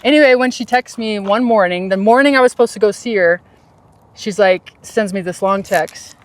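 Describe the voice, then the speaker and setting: A woman telling a personal story in a casual podcast chat, animated and laughing easily, with soft, low reflective stretches. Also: normal speed. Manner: animated, jumps high in pitch when quoting others.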